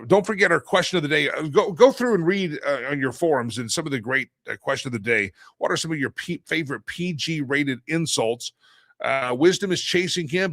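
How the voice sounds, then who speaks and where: A man's voice: medium pitch, sharp tone, no room sound. A middle-aged man hosting a daily live stream in a casual monologue, rambling, repeating himself and restarting sentences, with the odd chuckle. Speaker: show host.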